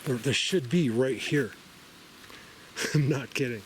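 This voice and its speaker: This forest vlogger, a man of ordinary pitch, takes his time as he talks excitedly to the camera. His chatter is casual and full of laughter, leaping from one idea to the next while constant outdoor sound stays clearly present in the background.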